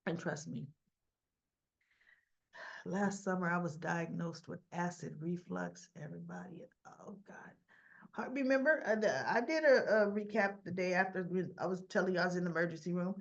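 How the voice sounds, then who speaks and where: A woman's voice: lowish voice, animated, moderate pace. A woman recapping a soap opera in a casual, chatty way, acting out the characters' lines and laughing often. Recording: dull lo-fi sound.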